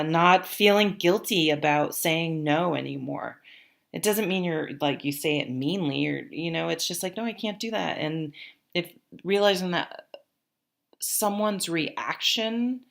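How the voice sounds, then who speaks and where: A woman's voice: on the low side, expressive, measured pace, creaky. A woman giving a casual, rambling tarot reading to her viewers, with many fillers and restarts. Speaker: tarot reader.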